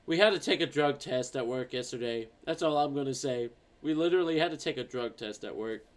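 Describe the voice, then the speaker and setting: Animated, rambling male streamer. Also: medium pitch, fairly quick. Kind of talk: casual chat reading viewer comments.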